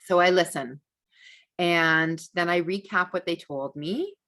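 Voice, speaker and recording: A woman teaching a parenting masterclass in a relaxed, conversational way, with frequent fillers and restarts. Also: fairly low pitch, a little slow. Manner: acts out gentle validating speech to a child. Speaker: parenting educator.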